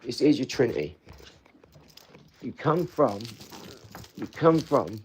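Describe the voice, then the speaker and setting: A man's voice: mid-range voice, very animated, slow, pauses often, a little hiss or hum, rough recording. A man talking bluntly and rambling straight to his viewers in a casual vlog. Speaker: vlogger.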